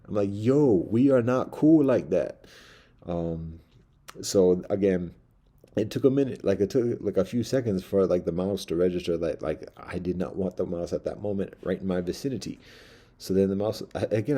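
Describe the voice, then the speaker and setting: Deep, husky man rambling through a story. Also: mellow. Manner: rambling, loose, full of fillers and asides. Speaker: vlogger telling a personal story. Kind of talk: casual storytelling monologue.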